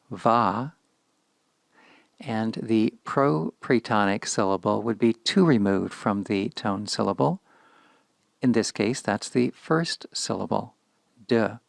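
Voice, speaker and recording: Slow, gravelly-voiced man teaching grammar. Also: on the low side, no echo. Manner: slow, measured, explanatory. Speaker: Hebrew teacher. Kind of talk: recorded grammar lecture.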